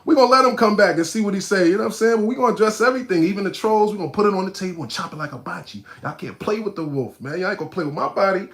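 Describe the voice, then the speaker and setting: Animated New man on a live stream. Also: rapid-fire, few pauses. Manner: animated, mocking, swings from low muttering to loud outbursts; streetwise slang, addresses chat directly. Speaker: live-stream host reacting to a video. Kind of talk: casual live-stream commentary.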